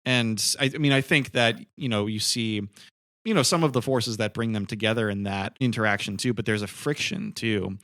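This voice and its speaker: A man with a fairly low voice co-hosts a film podcast in casual chat. He thinks out loud and leans on fillers as he builds his points. The recording is dry and close. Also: normal speed, dry recording. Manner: thoughtful, many fillers. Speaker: podcast co-host.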